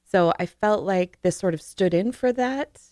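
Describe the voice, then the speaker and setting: A woman speaking as a podcast guest in a casual book discussion, thoughtful and measured as she works through her views. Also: mid-range voice, warm tone, dry recording, studio quality.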